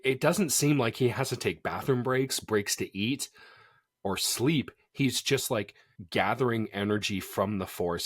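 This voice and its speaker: Chatty podcast man, low voice. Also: no room sound, clean studio sound. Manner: animated, chatty, laughs often. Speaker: podcast co-host. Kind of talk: casual podcast chat.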